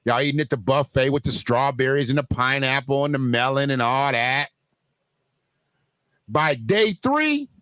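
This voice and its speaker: A man hosts a casual livestream, riffing in a loose, joking way and addressing his viewers directly. His voice sits a little high for a man. It is recorded dry and close, with no room sound. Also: fairly bright tone, no echo. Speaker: livestream host.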